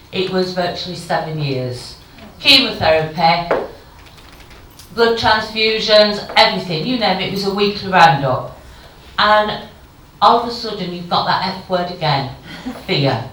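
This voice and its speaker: A woman's voice: on the low side, sharp tone, a little hiss or hum. A woman in her fifties giving a frank, emotional conference speech with wry humour. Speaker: keynote speaker. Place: conference hall. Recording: very echoey hall, far from the mic.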